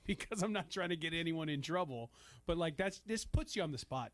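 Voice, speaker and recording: A man's voice: a little high, expressive, fast talker, no room sound. A man appearing as a guest on a radio show who jokes around and laughs easily. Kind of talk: casual chat.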